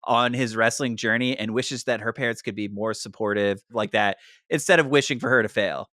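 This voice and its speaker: A man's voice: medium pitch, fairly even intonation, brisk, pushed and bright, dry recording, studio quality. A man co-hosting a podcast, recapping a show with a sarcastic, joking manner. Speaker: podcast co-host. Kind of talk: casual recap chat.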